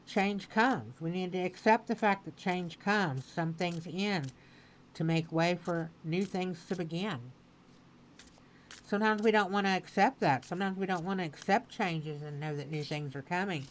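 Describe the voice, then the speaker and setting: A woman giving a spoken tarot reading, repeating her phrases slowly and with emphasis. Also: lowish voice, a little hiss or hum, rough recording. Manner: slow, repetitive, affirming phrasing. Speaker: tarot reader.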